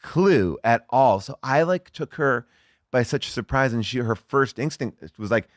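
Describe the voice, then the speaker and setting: A middle-aged man chatting as a guest, telling a story in a lively way with lots of fillers and some swearing. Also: medium pitch, unhurried, no room sound, studio quality. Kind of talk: casual chat.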